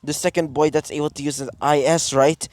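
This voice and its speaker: A man's voice: a little high, steady tone, brisk, no room sound, studio quality, lightly acted. A man voicing a polite, tentative new transfer student boy.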